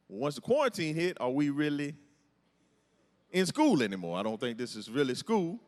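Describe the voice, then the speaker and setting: A middle-aged man with a slightly high voice, speaking at a normal pace, performs a self-deprecating stand-up set in a large church hall. He tells his stories in an animated way, and the big venue adds hall reverb.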